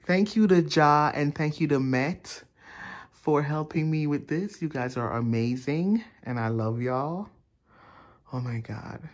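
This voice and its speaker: A male vlogger talks through his room makeover in excited, slangy chat. His voice sits a little high and he takes his time, lingering on words. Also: a little slow, muffled recording. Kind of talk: casual home vlog.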